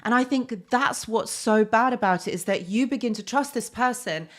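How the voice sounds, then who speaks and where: A woman's voice: a little high, normal speed. A woman hosting a live stream, talking casually to her chat, with many fillers and tag questions.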